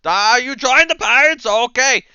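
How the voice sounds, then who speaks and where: A loud, high-pitched pirate crier, as a man puts him on, who bellows slow, repeated calls and breaks into squawks. He sounds bright and shrill through a slightly dull mic. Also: smooth, no room sound, full character voice. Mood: squawking. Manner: loud squawking repetitive hawking. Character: burly male pirate crier who is secretly a parrot.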